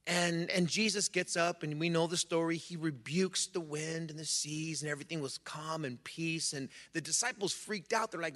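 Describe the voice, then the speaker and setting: A man's voice: a little high, normal speed, hardly any pauses, a bit bright. A man preaching as a church pastor. He reads scripture and then talks casually to the congregation, with many restarts. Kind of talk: sermon with scripture reading. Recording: long reverb of a hall.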